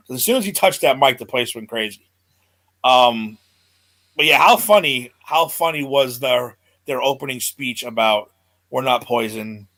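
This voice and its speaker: A podcast host in an easygoing chat speaks at an ordinary middle pitch, retelling stories with lots of energy. He acts out the voices of people he quotes and laughs often along the way.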